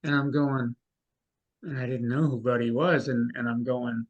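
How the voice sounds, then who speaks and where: An older man, a mentalist guest in an interview, telling anecdotes with lively delivery and acting out what others said. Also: medium pitch, moderate pace, dull audio. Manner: animated, acts out the people he quotes.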